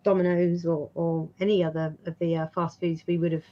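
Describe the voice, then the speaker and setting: A woman's voice: on the low side, flat delivery, fairly quick, lo-fi sound. A woman co-hosting a casual chat show, adding dry, laid-back quips. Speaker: co-host.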